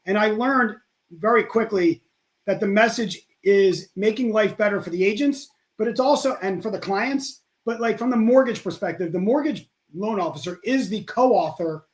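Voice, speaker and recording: A man appears as a guest on a studio podcast. His voice sits high for a man, and he talks with eager emphasis. He circles back and repeats his key points. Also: moderate pace. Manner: enthusiastic, emphatic, repeats himself. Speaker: guest, real estate expert. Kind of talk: casual podcast chat.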